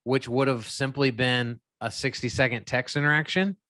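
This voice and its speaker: A man's voice: mid-range voice, fairly even intonation, normal speed, bright, forceful tone, dry recording. A man hosting a podcast, talking in a candid, opinionated, conversational way. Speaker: podcast host. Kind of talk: casual podcast chat.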